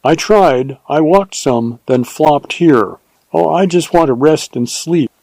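A man's voice: a little high, expressive, slow, vocal fry, darkish tone, no room sound, voice pushed up, exaggerated voice, low-quality recording. A man voicing a proud, spirited young woman with an imperious, teasing manner in a read-aloud western story. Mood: tender.

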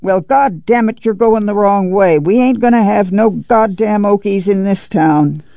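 A woman voicing a drunk hostile vigilante man, gruff and gravelly, dry muffled recording. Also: medium pitch, unhurried, warm tone, no echo. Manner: gruff, bullying.

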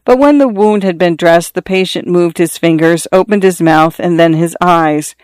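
An audiobook narrator telling a classic short story in an even, measured way. The voice is smooth and resonant, with a middling pitch. The recording is dry and close, with no room sound. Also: no echo.

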